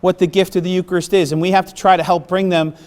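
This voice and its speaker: A man's voice: high-pitched, little pitch movement, fast talker, a little mellow. A middle-aged man from the Bronx, giving a conversational workshop talk on parish planning and often checking in with his listeners. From the Bronx, New York. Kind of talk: workshop presentation.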